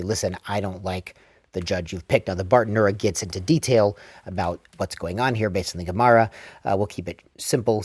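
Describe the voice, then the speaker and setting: A man giving a relaxed daily Mishnah lesson, reading Hebrew lines aloud and explaining them in plain English. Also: on the low side, no echo. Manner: casual explaining, reads Hebrew text then translates. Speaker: Torah teacher.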